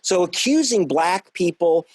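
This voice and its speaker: A man's voice: high-pitched, animated, a little slow, darkish tone, no echo. Emphatic man, dry close sound. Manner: emphatic, with frequent restarts. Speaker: author and investigative journalist guest. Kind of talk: conversational panel discussion.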